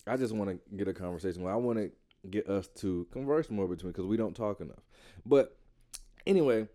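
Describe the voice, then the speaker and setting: A man in casual conversation, co-hosting a talk show, lively and swearing freely as he acts out quotes. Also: lowish voice, fairly quick. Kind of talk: casual chat.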